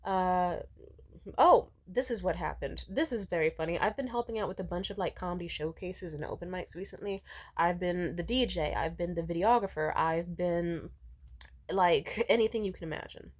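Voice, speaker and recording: A young woman vlogging a candid personal update, rambling with lots of fillers and swearing, jumping from loud outbursts to hushed asides. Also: fairly low pitch, normal speed. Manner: swings between loud outbursts and hushed, near-whispered asides.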